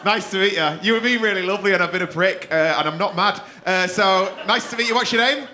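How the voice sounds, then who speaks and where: Brash high-voiced man compering comedy. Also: quick pace. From England. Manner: brash, swearing, teasing, laughing. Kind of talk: stand-up crowd work. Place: comedy club stage. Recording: live club with loud crowd. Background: audience laughter.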